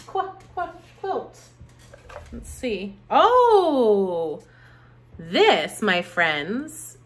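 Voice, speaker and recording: Animated preschool teacher woman. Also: medium pitch, a little hiss or hum. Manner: animated, exaggerated sounds for little children. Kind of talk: online preschool lesson.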